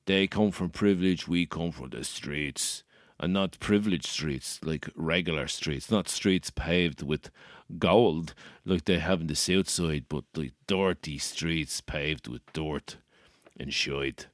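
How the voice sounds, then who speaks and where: Brief: Dublin Irish comedian and podcast host, very low voice, dry and close, rambling and wry. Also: male voice, takes it slowly, no echo. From Ireland. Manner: rambling, wry, self-mocking. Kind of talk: comic podcast monologue.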